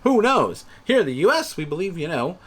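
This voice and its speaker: Middle-aged dude rambling casually about markets, tons of fillers, voice bouncing up and down. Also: male voice, high voice, sing-song, brisk. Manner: rambling, many fillers and restarts, acts out quoted traders. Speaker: reseller channel host. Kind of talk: casual explainer monologue.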